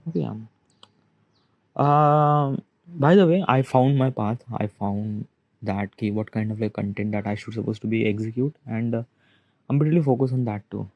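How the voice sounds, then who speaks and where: Gravelly young man talking to himself. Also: mid-range voice, fairly even intonation, no echo, highs cut off. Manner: halting, rambling, questions himself aloud. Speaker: vlogger. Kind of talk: confessional self-talk monologue.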